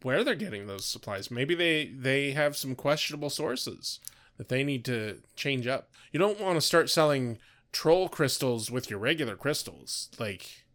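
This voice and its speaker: A man's voice: mid-range voice, animated, a bit bright. A man co-hosting a casual podcast, recapping a TV episode with wry puns. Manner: wry, punning, unhurried. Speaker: podcast co-host.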